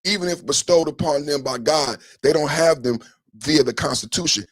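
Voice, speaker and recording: A man hosting a live podcast stream, commenting on clips in an emphatic, repetitive way that swings between soft talk and shouting. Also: on the high side, normal speed, no echo. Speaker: podcast host.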